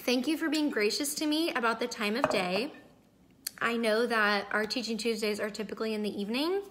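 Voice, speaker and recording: A woman's voice: on the high side, fairly quick, fairly bright tone, a little hiss or hum. A woman in her thirties hosting a casual live video, chatting to viewers, greeting them by name and sounding emotional and close to tears. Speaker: wellness livestream host.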